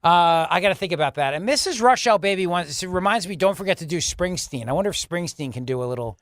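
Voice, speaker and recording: A man's voice: high-pitched, lively intonation, fast, fairly bright tone, no echo, clean studio sound. A man hosting a talk radio show, chatting casually and reading listener tweets and ads. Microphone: studio microphone.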